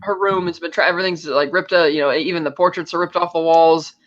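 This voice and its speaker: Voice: medium pitch, fairly even intonation, fast. A podcast co-host in casual chat, retelling a film's plot scene by scene and acting out the characters' lines. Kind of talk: casual film recap chat. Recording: dull lo-fi audio.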